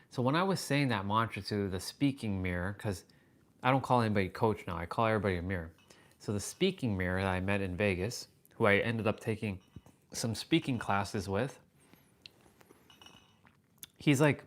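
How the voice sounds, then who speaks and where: A man's voice: lowish voice, brisk. A man hosting a casual livestream, telling a story animatedly and answering viewer comments. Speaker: livestream host.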